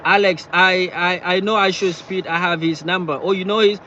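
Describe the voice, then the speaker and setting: A man chatting casually on a live stream from his car, talking in halting bursts and repeating himself as he answers viewers. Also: high voice, fairly even intonation, pushed and bright, muffled recording, a little hiss or hum. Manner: halting, repeats words and phrases often. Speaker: livestreamer reading viewer chat. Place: in or beside a parked car.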